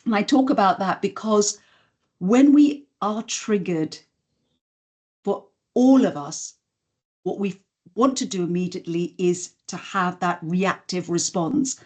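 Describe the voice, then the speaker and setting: Woman communication coach, mid pitch, mellow tone, calm and instructive, podcast guest. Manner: measured, instructive, demonstrates intonation examples. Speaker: voice and communication skills trainer. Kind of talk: podcast interview, explaining and demonstrating.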